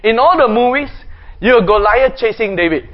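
A man preacher with a very high voice delivers his sermon as lively storytelling, adding sound effects and chuckling as he goes. The recording is muffled and lo-fi. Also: moderate pace.

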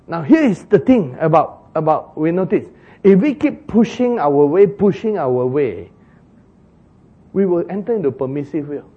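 A man preaching a sermon, telling a Bible story with lively, laughing energy and acting out the characters with exclaiming voices. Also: on the high side, moderate pace, husky, narrow, tinny audio. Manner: animated, laughing, acts out the donkey and Balaam in exclaiming voices.

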